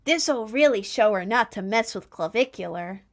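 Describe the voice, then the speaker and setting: A woman's voice: medium pitch, lively intonation, normal speed, natural voice. A smug young internet nerd drips with mocking, exaggerated sarcasm, as a woman streamer puts him on. Every line lands as an over-the-top jab. He sounds pleased with himself and talks down to everyone. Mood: sarcastic.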